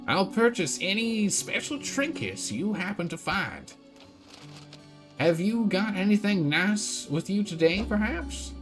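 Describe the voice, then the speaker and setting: Elderly shopkeeper in a game, halting and courteous, done by a man, higher pitch, slow. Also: very animated, fairly bright tone, faint music behind, full character voice. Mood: polite. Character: elderly male antique dealer, polite, poor-sighted.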